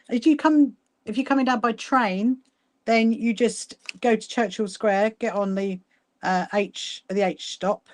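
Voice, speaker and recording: A woman hosting a casual sewing livestream, chatting warmly with viewers by name and laughing often as she works. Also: mid-range voice. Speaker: livestream host. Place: sewing room at home.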